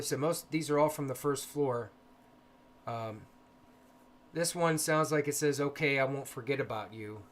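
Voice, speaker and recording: Soft-spoken man hosting a livestream. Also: medium pitch, a little hiss or hum. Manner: soft-spoken, hesitant with many ums. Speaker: paranormal livestream host. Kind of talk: casual livestream talk.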